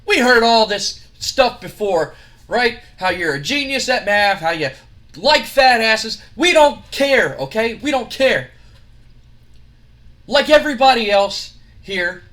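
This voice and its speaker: A man's voice: high-pitched, very animated, slow, a bit bright, full character voice. A man voicing a cocky male wrestling champion who answers a challenge with firm defiance. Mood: defiant.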